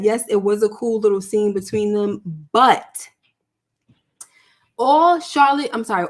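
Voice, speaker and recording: A woman vlogger talking through a TV series recap in a loose, chatty way, full of "like" and "you know" and checking in with "right?". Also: mid-range voice. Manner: chatty, filler-heavy, asks for agreement. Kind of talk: casual TV show recap.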